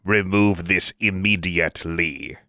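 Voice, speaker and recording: A man voicing a pompous talking marble bust with a low, grating voice, speaking slowly and indignantly. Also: fairly even intonation, sharp tone, dry recording, clean studio sound, full character voice. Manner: slow, indignant.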